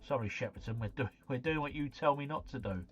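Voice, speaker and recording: Commentating a geography guessing game live, a man with a medium-pitched voice speaks quickly, thinking aloud in mutters and then breaking into exclamations. The audio is slightly muffled, with faint music in the background.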